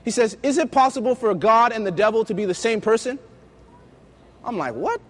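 A man preaching a sermon, telling lively personal stories and acting out the dialogue. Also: very high-pitched, fast. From United States. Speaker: youth preacher.

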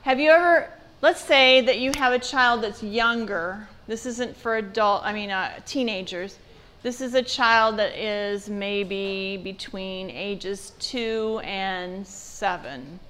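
Woman teaching a parenting class, chatty, asks the room questions, mid pitch. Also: slow pace, fairly bright tone, clear, resonant tone. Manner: conversational, asks the audience questions. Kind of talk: church parenting seminar talk.

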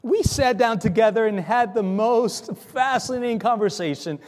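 A man telling a story in a sermon, animated, acting out dialogue, with frequent stammering restarts. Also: extremely high pitch, moderate pace, big-room sound. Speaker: preacher. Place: church.

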